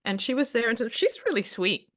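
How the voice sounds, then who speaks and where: A woman's voice: on the high side, sing-song, fairly quick, fairly bright tone, no echo, studio quality. A woman co-hosting a podcast in casual gossip chat, giving emphatic, strong opinions over a video call. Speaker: podcast co-host.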